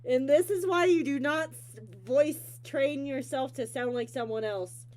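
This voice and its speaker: A woman's voice: high voice, a little slow, a little mellow. A woman hosting a casual interview show, rambling and giggly, teasing herself as she talks.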